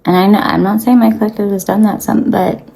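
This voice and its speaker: A woman's voice: mid-range voice, steady tone, brisk, gravelly, warm tone, breathy edge, low-quality recording. A young woman giving blunt, profane spiritual advice to her viewers, talking casually with lots of fillers. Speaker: spiritual reader.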